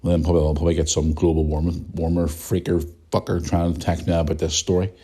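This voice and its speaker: A blunt Northern Irish man in his thirties hosts a podcast and rants freely, with swearing scattered through his casual talk. His voice sits low and sounds dark and mellow. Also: level tone, quick pace, breathy edge. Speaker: podcast host. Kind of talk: casual ranting monologue.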